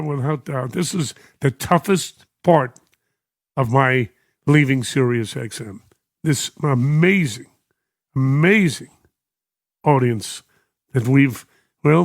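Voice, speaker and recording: A man's voice: mid-range voice, measured pace, no echo, clean studio sound. An older man with a New York accent, hosting a radio show and reading listener messages, emotional and chuckling often. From United States. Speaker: radio host. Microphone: studio microphone.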